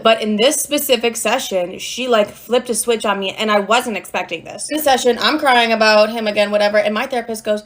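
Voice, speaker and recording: A woman's voice: a little high, fast, few pauses. A young woman casually telling a story about her ex, brash and full of swearing. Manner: brash, profane, animated retelling.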